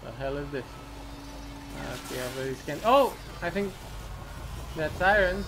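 A man's voice: a little high, animated, moderate pace, noisy background. A man giving casual gameplay commentary, muttering to himself and swearing often. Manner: profane, muttering, talks to himself. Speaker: let's play commentator.

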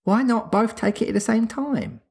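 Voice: mid-range voice, normal speed, creaky, darkish tone, pitched above the performer's own voice, natural voice. A podcast reader voicing an earnest young girl from a storybook, eager and exclaiming.

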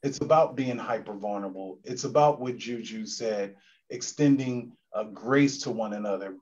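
A man from the commission giving formal closing remarks at a virtual event, measured and solemn with a preacherly cadence, over a video call. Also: medium pitch, darkish tone. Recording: dull lo-fi call audio.

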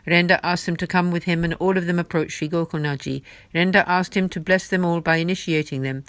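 A woman reading devotional stories aloud in a slow, careful manner. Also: lowish voice, steady tone, a bit bright, slight background noise. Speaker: devotional story reader.

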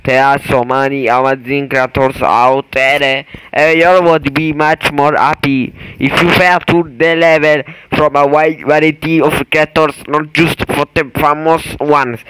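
A man doing casual gameplay commentary as a gaming YouTuber, erratic and exclamatory, swinging between mumbles and yells. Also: on the high side, a little hiss or hum, low-quality recording.

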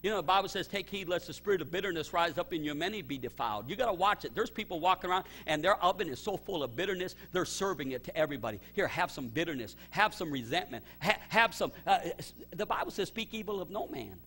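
A middle-aged male pastor telling a personal story in a sermon, his voice swinging from loud excited bursts to low quiet emphasis. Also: quick pace, few pauses.

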